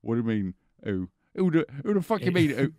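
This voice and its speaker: A man's voice: mid-range voice, sing-song, brisk, darkish tone, no echo. A man hosting a comedy courtroom sketch as a judge, ranting in a foul-mouthed, aggressive way. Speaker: host playing a judge.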